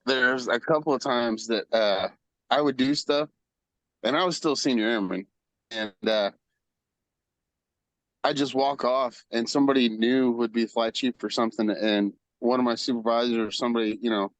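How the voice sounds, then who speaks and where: Man, mid pitch, laughing, rambling, crude jokes, dry sound. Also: steady tone, normal speed, fairly bright tone, no echo, poor audio. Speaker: podcast guest. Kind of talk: casual chat.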